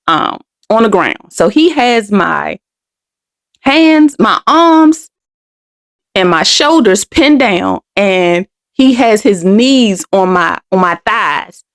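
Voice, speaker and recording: A middle-aged woman from Washington DC hosting a podcast, telling a personal story candidly and with emotion, often restarting and repeating words. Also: medium pitch. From Washington DC, United States. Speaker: podcast host.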